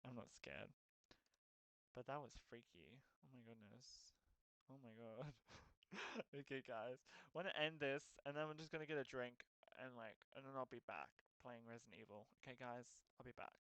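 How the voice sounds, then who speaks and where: A man's voice: mid-range voice, normal speed, a bit bright, dry recording. Chatty streamer man talking to viewers. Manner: chatty, rambling, talks straight to viewers. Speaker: game streamer. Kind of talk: casual live-stream chat while playing.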